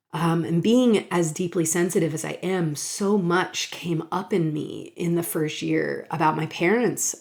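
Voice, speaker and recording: A middle-aged woman hosting a podcast, telling a personal story in a soft, emotional way and sometimes dropping into a whisper. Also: fairly low pitch. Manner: soft and slow, drops to a whisper in places; emotional, laughs and sighs while sharing. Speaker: podcast host.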